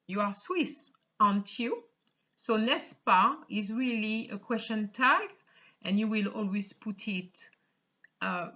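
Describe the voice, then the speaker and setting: Slow, bright-voiced woman teaching French. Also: medium pitch. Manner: reads French dialogue lines then explains them in English, with many "okay?" checks. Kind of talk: slow explanatory language lesson. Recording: slightly dull lo-fi sound.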